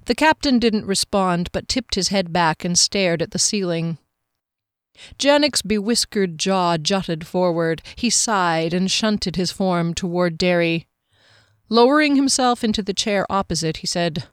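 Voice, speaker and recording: A woman's voice: on the low side, moderate pace, smooth, no echo, clean studio sound. A woman chatting casually with listeners and then reading her own novel aloud. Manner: chatty and amused, laughs easily. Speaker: author and podcast narrator.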